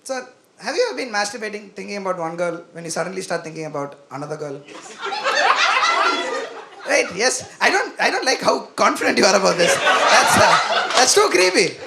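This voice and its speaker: Performing self-deprecating stand-up at a comedy club, this young man speaks into a handheld stage mic, animated as he acts out other people's voices. He has a high, creaky voice and a fairly quick delivery, with background noise audible.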